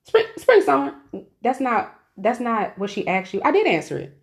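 A young woman co-hosting a podcast, sassy and animated in casual chat. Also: fairly high pitch, normal speed. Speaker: podcast co-host.

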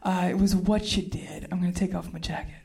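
A woman's voice: fairly low pitch, steady tone, a little fast, creaky, darkish tone. A woman comedian on stage, telling a rambling, chatty story and laughing as she goes. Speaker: stand-up comedian. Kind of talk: stand-up storytelling. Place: stage before a live audience.

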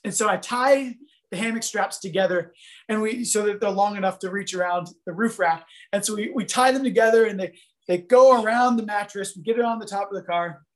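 A man delivers a sermon in a loose, animated storytelling manner. His voice sits high for a man, and he leans on casual fillers as he talks. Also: a little fast. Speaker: preacher.

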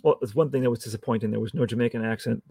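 A man with a gravelly, creaky voice at an ordinary pitch, co-hosting a casual podcast chat about a TV episode. He is chatty, laughs often and slips into quoted lines from scenes. The sound is dry and close, with no room around it. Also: rapid-fire, mellow, no room sound. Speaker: podcast co-host.

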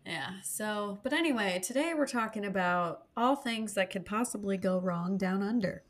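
A woman's voice: medium pitch, normal speed. A young woman co-hosting a podcast in casual, jokey chat, rambling and laughing often. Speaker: podcast co-host.

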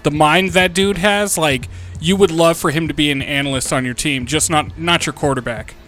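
A man's voice: fairly high pitch, fairly even intonation, moderate pace, fairly bright tone, soft background music. A man hosting a casual podcast chat, laughing and egging his friends on. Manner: laughing, eggs others on. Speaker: podcast host.

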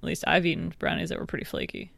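A woman's voice: low-pitched, wildly swooping pitch, racing, gravelly, fairly bright tone, dry recording. A woman co-hosting a podcast in casual chat, teasing and laughing often. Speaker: podcast co-host.

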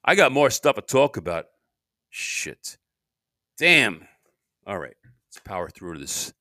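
A man's voice: on the low side, very animated, takes it slowly, dry recording, clean studio sound. A middle-aged man hosting a podcast, rambling through a solo monologue and often breaking off mid-sentence, his voice tired. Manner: meandering, self-interrupting, swings between loud and mumbling. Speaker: podcast host.

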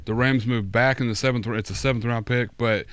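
A man co-hosting a casual football talk show, agreeable and quick to chime in. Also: medium pitch, fairly even intonation, a bit bright, clear, resonant tone, dry recording. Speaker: podcast co-host. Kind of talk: casual sports chat.

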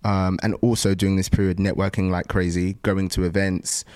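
A young man with a very low, deep voice talks through his path as a founder in a relaxed interview. He is thoughtful, often pausing on "um" and restarting his phrases. The recording is dry and close, with no room sound. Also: no echo. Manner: thoughtful, frequent um pauses and restarts. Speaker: startup founder. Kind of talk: casual interview conversation.

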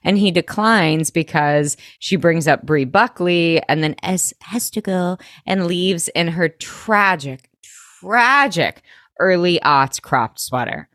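A young woman co-hosting a podcast, chatting animatedly as she recaps a TV episode with quick asides. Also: on the low side, a bit bright, no echo, clean studio sound. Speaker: podcast co-host. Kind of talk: casual chat recapping a TV show.

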